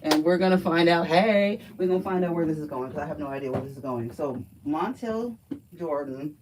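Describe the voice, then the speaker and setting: A woman's voice: deep voice, fairly quick, darkish tone, recorded from a distance, a little hiss or hum, low-quality recording. A woman doing a casual live card reading, blunt and profane as she chats through each card. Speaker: livestream card reader.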